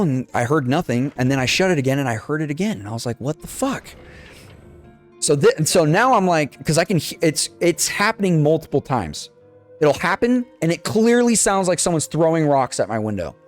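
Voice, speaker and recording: A young man recounting a story in a loose, animated way, swearing a lot and playing every part of the dialogue himself. His voice sits a little high for a man, and there's faint music underneath. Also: fairly quick. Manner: swears freely, animated retelling with quoted dialogue. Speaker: podcast co-host. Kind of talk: casual storytelling chat.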